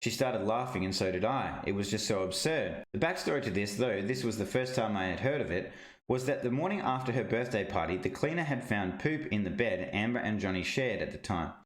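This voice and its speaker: A man reading a first-person witness statement aloud in a steady, measured way. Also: on the low side, reverberant.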